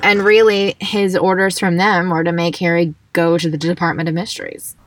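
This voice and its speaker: Lady podcast co-host, lowish voice, chatty and sweary, sounds a little far from the mic. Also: moderate pace, no room sound. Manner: lively, swears freely, laughs often. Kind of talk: casual chat and reading aloud from a book.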